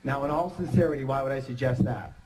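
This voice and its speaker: A middle-aged man giving an energetic motivational seminar talk, joking and quizzing the audience. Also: medium pitch, quick pace, noisy background. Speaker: seminar speaker.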